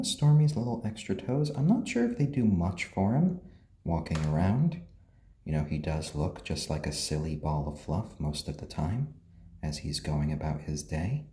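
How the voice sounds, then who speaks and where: A man with a mixed British and American accent, chatting gently on a live stream and cooing to his pets. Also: sits low, reverberant. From born in Tokyo, raised British and American. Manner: gentle, soft-spoken, coos at pets. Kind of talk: casual live-stream chat.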